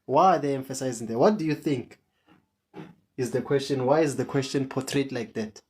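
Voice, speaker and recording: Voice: medium pitch, normal speed, a little mellow, slight background noise. A maths tutor, teaching an online lesson and repeating each question to coax answers from students.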